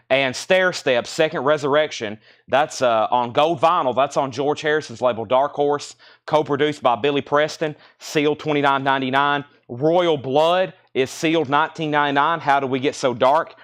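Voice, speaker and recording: A man hosting a live record sale indoors, briskly listing titles and prices in a chatty auctioneer way, a little choked up. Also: on the high side, fairly bright tone. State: slightly choked, coughing. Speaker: livestream record seller. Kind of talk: live sales stream.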